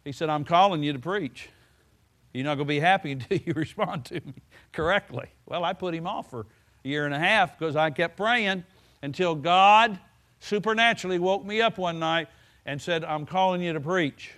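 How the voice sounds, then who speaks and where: A man's voice: a little high, moderate pace, pushed and bright. A man preaching a sermon in a folksy way, stretching words for emphasis and breaking in with "hallelujah.". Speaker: pastor.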